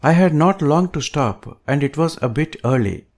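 A man reading an audiobook aloud with a measured, emphatic delivery. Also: fairly high pitch, animated, a little mellow. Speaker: audiobook reader.

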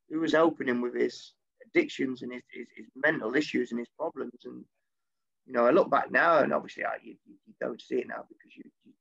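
A man's voice: medium pitch, gravelly, husky. A man, a former footballer, telling a story in casual chat, swearing freely and jumping his voice up when he quotes himself. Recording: dull lo-fi recording.

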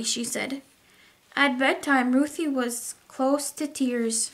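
Woman teacher, high voice, expressive children's story read-aloud. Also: takes it slowly.

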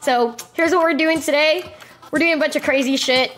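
A woman's voice: sits high, normal speed, fairly bright tone. A young woman streamer chatting casually to her viewers, rambling and swearing freely. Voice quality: profane, rambling. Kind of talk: casual live-stream chat.

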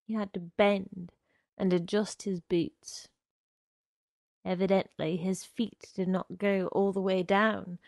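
A woman reads a short story aloud at an unhurried pace. Her voice has a gravelly texture, and the recording is dry and close. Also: mid-range voice, little pitch movement, a little mellow, no echo. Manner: measured, unhurried narration. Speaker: reader.

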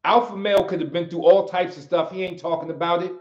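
With a high voice, fairly even intonation and a quick pace, an American martial arts teacher hosts a livestream. He delivers an emphatic, preachy motivational message, circling back to key phrases again and again, recorded with roomy, slightly dull sound.

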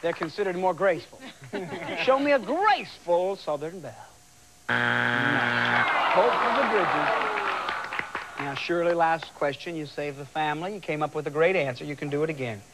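A man hosting a television game show, bantering and teasing contestants in a lively way. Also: on the high side, brisk, over a noisy crowd. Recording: old broadcast tape with loud audience and noise. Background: loud studio audience.

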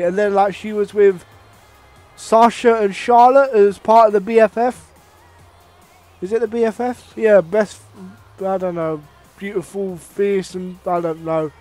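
Young man, high voice, excitable, profane, game commentary with sudden outbursts. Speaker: gaming channel host. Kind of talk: casual play-by-play game commentary.

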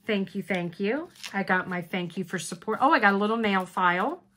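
A woman's voice: mid-range voice, a little fast, a bit bright. A woman hosting a casual unboxing vlog, gushing and chatty as she talks to her viewers. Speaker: craft channel host.

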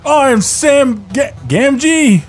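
A man reading the part of a brave but trembling young male hobbit in a comedic table read, in a halting, mock-heroic way. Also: very high-pitched, lively intonation, soft background music, voice pushed up, heavily acted. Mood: defiant.

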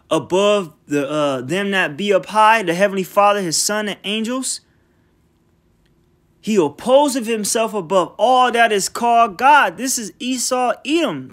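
A man with a fairly high voice works through scripture in a loose, street-level teaching style. He reads each verse aloud, then breaks it down in blunt, profane slang and keeps returning to "man" for emphasis. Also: fairly bright tone. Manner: emphatic, repeats filler "man". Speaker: bible teacher.

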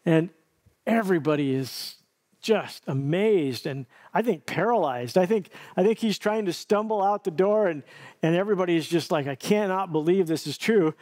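Earnest storytelling male pastor, slightly high. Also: lively intonation, moderate pace, darkish tone. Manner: storytelling, vivid and earnest, with self-corrections. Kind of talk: sermon.

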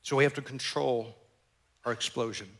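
A man's voice: medium pitch, fairly even intonation, moderate pace, vocal fry, a bit bright. A male pastor preaching a sermon, telling a story animatedly and acting out characters and sound effects.

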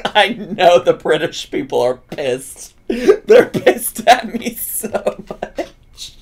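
A man's voice: sits high, sing-song, drawn-out words, vocal fry. A man hosting a casual reaction commentary, teasing and laughing often. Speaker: host reacting to videos.

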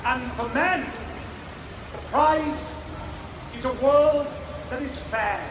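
A man gives a formal public speech, slow and solemn, in a high voice. He is heard from a distance with echo and loud background noise. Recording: distant echoey open air with loud noise.

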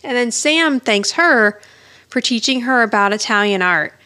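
A woman's voice: on the high side, lively intonation, moderate pace, pushed and bright, smooth. A woman co-hosting a podcast, chatting casually as she recaps an episode, laughing often and acting out quoted lines. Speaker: podcast co-host.

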